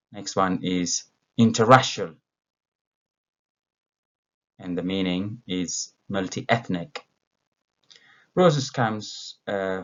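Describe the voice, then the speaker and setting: A man with a very low, gravelly voice teaches English vocabulary at an unhurried pace. He is from Ethiopia and talks patiently, pausing on fillers and correcting himself as he goes. The recording sounds dull and lo-fi. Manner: slow, patient, with many fillers and self-corrections.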